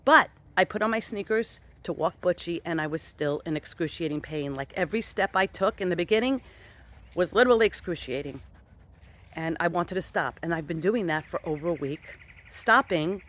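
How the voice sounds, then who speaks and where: A woman giving a casual motivational vlog talk as a wellness and fitness motivator, animated and enthusiastic with sudden jumps in pitch, speaking outdoors on a dog walk. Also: normal speed.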